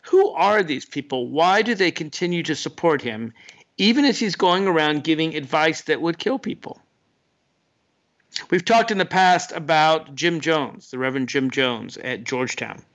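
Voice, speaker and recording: A man hosting an opinion monologue, sardonic and animated, jumping up in pitch for mocking asides. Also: moderate pace. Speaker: political commentator host.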